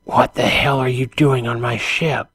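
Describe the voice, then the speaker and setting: A man voicing a cold middle-aged ship survivor in a light French accent, speaking flatly like a late-night announcer, as whispered role-play. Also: mid-range voice, unhurried, breathy edge, no room sound, pitched above the performer's own voice. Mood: stern. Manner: flat, emotionless announcer-like delivery.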